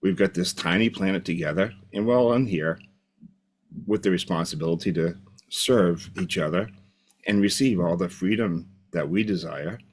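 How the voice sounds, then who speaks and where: A man's voice: low-pitched, moderate pace, slightly rough. A man giving a reflective, unscripted motivational talk as a coach, repeating his key phrases. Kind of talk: motivational video monologue.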